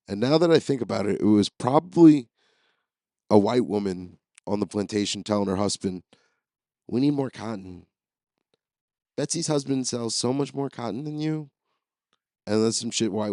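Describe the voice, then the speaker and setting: A man's voice: on the low side, gravelly, darkish tone, no echo, clean studio sound. A man hosting a podcast, telling rambling, profane, jokey stories as a comedic solo monologue. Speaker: podcast host.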